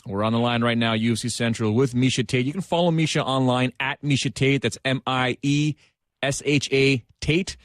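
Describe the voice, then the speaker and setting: A man's voice: mid-range voice, fairly even intonation, moderate pace, dry recording, studio quality. A man hosting a sports radio show, interviewing a guest with energy and lots of fillers. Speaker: radio host.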